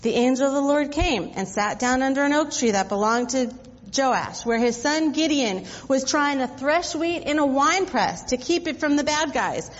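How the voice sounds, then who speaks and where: A woman's voice: high voice, expressive, moderate pace. A woman pastor giving a sermon, retelling the story in a conversational way with casual asides to the congregation. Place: church sanctuary. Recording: dull audio with long reverb.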